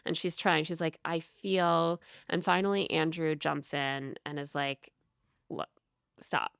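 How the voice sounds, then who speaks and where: A woman's voice: sits low, moderate pace, gravelly, clear, resonant tone, dry recording, studio quality. A woman co-hosting a podcast, chatting casually as she recaps a reality show scene by scene with lots of "like"s. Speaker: podcast co-host. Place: home.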